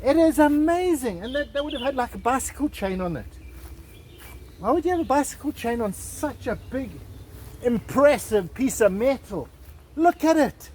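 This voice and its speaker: Man, very high-pitched voice, excitable travel vlogger, jokey, outdoors, faint birds behind. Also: normal speed, slight background noise. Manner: excitable, jokey, mock salesman patter. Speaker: travel vlog host. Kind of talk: casual walking tour to camera. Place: outdoors on a garden estate.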